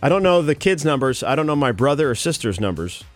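This man also hosts morning radio in a studio, trading casual jokes with his co-host and callers while laughing a lot and tripping over his phrasing. He talks fast in a medium-pitched, sing-song voice, with faint music in the background, captured on a studio microphone.

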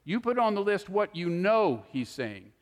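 A man's voice: sits high, very animated, a little slow. A man preaching a sermon in an emphatic way, acting out the voices he quotes. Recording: long hall reverb.

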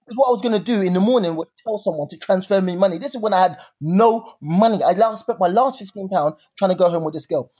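A young man telling a story in casual chat, animated and full of slang, acting out his own drama. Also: sits high, quick pace, hardly any pauses, slightly rough.

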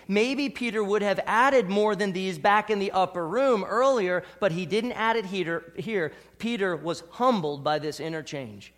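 A man preaching a sermon as pastor, dropping to soft, hushed lines and rising to bold, emphatic ones. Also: on the high side. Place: church.

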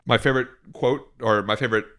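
A man's voice: medium pitch, fairly even intonation, fast, a bit bright. A man co-hosting a casual podcast, reading news items aloud with sarcastic asides. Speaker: podcast co-host.

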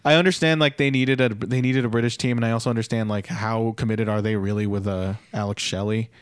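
A man's voice: lowish voice, fairly even intonation, quick pace, clean tone, dry recording. A man co-hosting a podcast, rambling through his opinions on wrestling booking with many restarts. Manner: rambling, hedging, restarts a lot when he gives opinions. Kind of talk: casual opinion chat.

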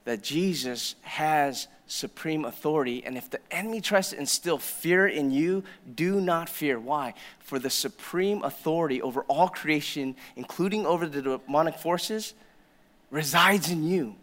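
A male pastor delivers a sermon in a church sanctuary, his voice pitched high for a man and bright in tone. He tells his story in a conversational way, dropping to hushed asides and then rising to loud, emphatic declarations. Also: normal speed.

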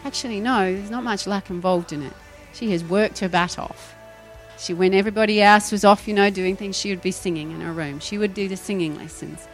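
A woman's voice: mid-range voice, a little fast, soft background music. A woman preaching a sermon, firing rhetorical questions and acting out voices. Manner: animated, rhetorical questions, acts out quoted voices.

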